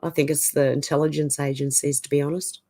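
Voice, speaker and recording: This livestream host, an Australian woman indoors at home, chats casually as she reads comments, greeting viewers by name with a bright, lilting "how you going." Her voice is low, her delivery flat and fast.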